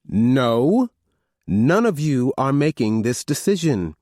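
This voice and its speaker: A man reading an audiobook, voicing an older mother who calmly and firmly lays down the law to her grown children. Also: medium pitch, slow, dry recording, clean studio sound, voice pushed up. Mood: firm, commanding. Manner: firm, commanding, calm. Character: stern family matriarch, older woman.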